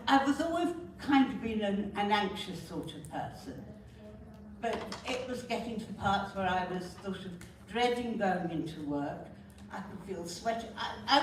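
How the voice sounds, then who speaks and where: A woman's voice: medium pitch, a little hiss or hum. A woman with a North London accent giving an earnest personal talk at a conference, often breaking off with apologetic asides. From North London, England. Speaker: conference speaker. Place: conference hall. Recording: very echoey hall, distant mic.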